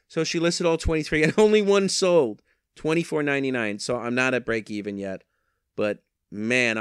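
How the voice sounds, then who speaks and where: A man's voice: fairly low pitch, smooth, dry recording, studio quality. A man in a casual vlog, talking through his online resale sales on a handheld microphone, rambling with wry, self-mocking asides. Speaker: eBay reseller.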